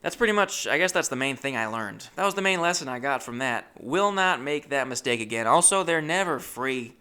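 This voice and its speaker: A man telling a comic story with a bright, forward tone and a smooth, clear voice. He stays animated and self-deprecating and often turns to his listeners as "folks.". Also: medium pitch, brisk. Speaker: comedian. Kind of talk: comedic storytelling.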